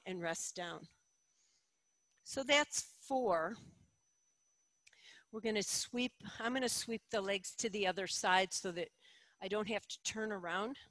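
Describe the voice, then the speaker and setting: A middle-aged woman leading a yoga class, giving calm, encouraging cues with slow, deliberate phrasing. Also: medium pitch, dry recording, rough recording. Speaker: yoga instructor. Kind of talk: guided yoga instruction.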